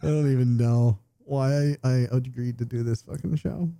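A man's voice: mid-range voice, steady tone, moderate pace, creaky, warm tone. Joking, swearing American man. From United States. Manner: profane, joking, self-deprecating. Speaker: podcast co-host. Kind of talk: casual chat, reading listener feedback. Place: home, remote call.

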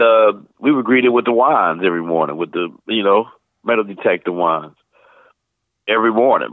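A man in his fifties from St. Louis, telling rambling, lively stories as an interview guest. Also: lowish voice, dry recording. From St. Louis, USA. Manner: rambling, animated anecdotes, slips into voices. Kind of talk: casual storytelling interview. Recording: tinny phone line.

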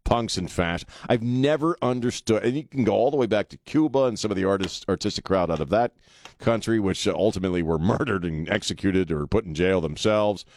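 Talk radio host, male, low-pitched, blunt and sarcastic, close dry studio sound. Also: fairly quick, a little mellow, dry recording. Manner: blunt, sarcastic, laughs often. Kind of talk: opinionated talk radio monologue. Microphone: studio microphone.

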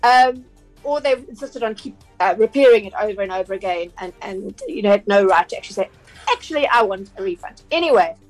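A woman's voice: medium pitch, animated, quick pace, darkish tone, soft background music, poor audio. A South African woman, a consumer journalist on a radio talk show, explaining things in a chatty way with frequent fillers and restarts.

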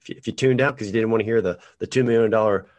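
A man with a fairly low voice co-hosts a casual podcast. He talks in an encouraging, easygoing way, affirms his partner often and swears casually. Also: very fast, darkish tone, no room sound. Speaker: podcast co-host.

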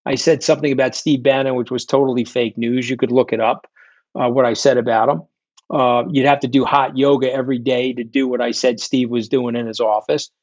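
A middle-aged man tells his side of the story in a blunt, combative, often profane way. His voice sits at an ordinary pitch. It comes through a dull, lo-fi remote connection in a dry, close space. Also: a little mellow, no echo. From New York. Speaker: guest. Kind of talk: candid interview storytelling. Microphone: remote call.

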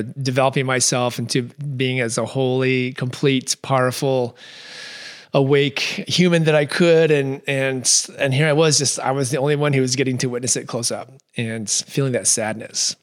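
A man's voice: mid-range voice, steady tone, moderate pace. A man hosting a podcast, telling a personal story in a reflective, earnest way with frequent restarts. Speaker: podcast host.

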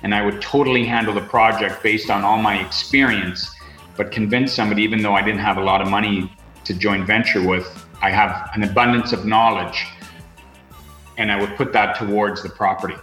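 A man's voice: on the low side, fairly even intonation, a little fast, bright, forceful tone, echoey room, soft background music, poor audio. A man speaking as a podcast guest in casual interview talk, rambling with lots of fillers and restarts. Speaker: podcast guest, real estate investor.

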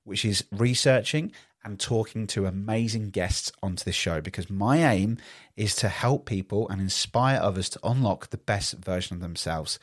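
A man's voice: lowish voice, normal speed, dry recording. A man hosting a solo podcast, talking upbeat and rambling into a studio podcast microphone. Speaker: podcast host.

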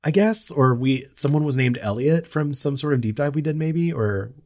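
A podcast co-host chats casually, rambling through listener messages he reads aloud, full of fillers and easy laughter. His voice is fairly high in pitch but darkish in tone, at a normal speed.

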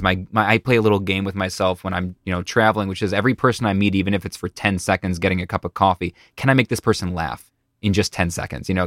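Chatty low-voiced man hosting. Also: no room sound. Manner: animated, chatty, stammering restarts. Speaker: interview host and speaker. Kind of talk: casual interview conversation.

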